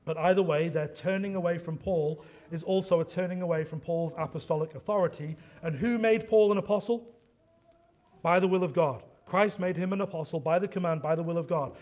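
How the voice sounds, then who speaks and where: A man's voice: a little high, steady tone, fast talker, hardly any pauses, a little mellow. A man preaching an expository sermon, emphatic, with conversational asides and fillers.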